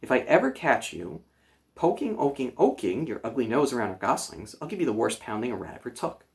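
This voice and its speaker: Guy doing a proud angry goose dad, stuttery threats, gravelly, storybook. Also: mid-range voice, big pitch swings, brisk. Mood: threatening. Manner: stammering, threatening. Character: proud protective male gander, threatening.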